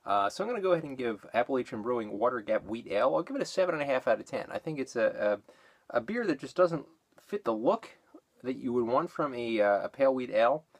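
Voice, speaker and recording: A man's voice: mid-range voice, lively intonation, fast talker, creaky, husky. Guy doing a chill beer review at home, kinda out of breath, lots of ums and restarts. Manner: rambling, with many fillers and self-corrections. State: out of breath after exercise.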